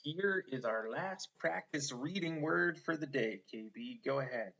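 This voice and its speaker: Bright-voiced man teaching a phonics lesson. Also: medium pitch, lively intonation, creaky. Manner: slow, encouraging, stretches out sounds. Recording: slightly dull lo-fi online lesson audio.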